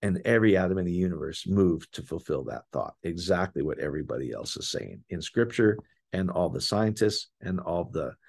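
Husky low-voiced man teaching scripture. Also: lively intonation, brisk. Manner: enthusiastic, explanatory, addresses listeners as guys. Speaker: bible teacher. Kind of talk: casual scripture word study.

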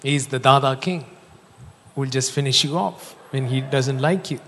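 A man preaching a sermon, telling stories in an animated, joking way. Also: medium pitch, moderate pace. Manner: animated storytelling, jokes and laughs. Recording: long hall reverb.

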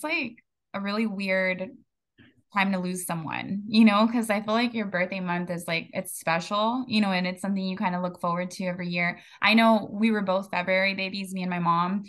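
A woman's voice: medium pitch, fairly bright tone. Young woman, podcast guest, chatty, laughs often, lots of "like"s, mid-range voice. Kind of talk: casual conversation about grief.

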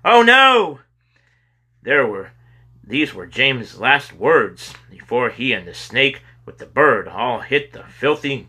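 A man reading a children's chapter book aloud with expressive delivery. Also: fairly low pitch, slightly rough. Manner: expressive reading with sudden loud cries for characters. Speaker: storybook reader. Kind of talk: children's story read aloud.

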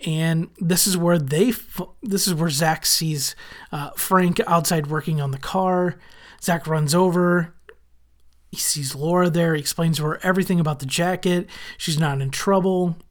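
A man hosting a podcast, casually recapping a TV episode with wry asides and frequent pauses of "uh". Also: fairly high pitch, steady tone. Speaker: podcast host.

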